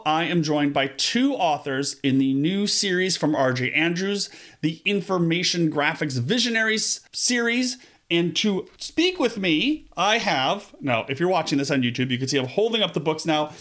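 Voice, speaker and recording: Male podcast host, casual and upbeat, quick asides, slightly higher voice. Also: expressive, fairly bright tone.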